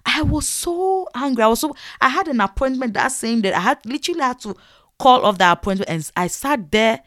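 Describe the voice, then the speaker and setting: Animated young Nigerian woman storyteller. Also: on the high side, fairly quick, no room sound, studio quality. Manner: animated, acts out quoted dialogue. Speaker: vlogger. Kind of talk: casual storytelling.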